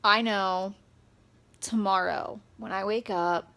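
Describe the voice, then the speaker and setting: A young woman talking straight to camera in a personal vlog, upset and close to tears, speaking haltingly with many pauses and fillers. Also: medium pitch, a bit bright. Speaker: vlogger.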